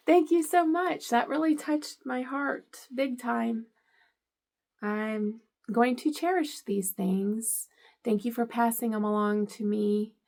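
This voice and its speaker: A woman's voice: a little high, gravelly, a little mellow. A middle-aged woman vlogger unboxing gifts, gushing and teary with emotion. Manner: gushing, emotional, tearful at times. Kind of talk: casual unboxing vlog.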